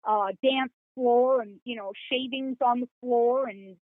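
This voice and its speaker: A high-pitched woman telling a story in a lively, folksy way and voicing the people in it. She comes through a thin, phone-like line with a dry sound. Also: measured pace, dry recording. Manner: animated, folksy storytelling with quoted dialogue and laughs. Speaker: psychic guest. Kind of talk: storytelling in a podcast interview.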